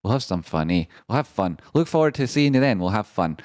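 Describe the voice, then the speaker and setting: A man hosting a live stream in a rambling, excitable way, swearing now and then and swinging between grumbling and hype. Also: on the low side, fairly quick, no room sound, clean studio sound. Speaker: stand-in livestream host. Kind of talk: casual live-stream chat.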